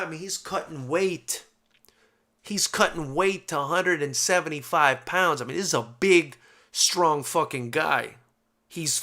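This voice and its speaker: A man hosting a fight post-show, telling stories in a loose, profane, animated chat style. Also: fairly high pitch. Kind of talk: casual chat.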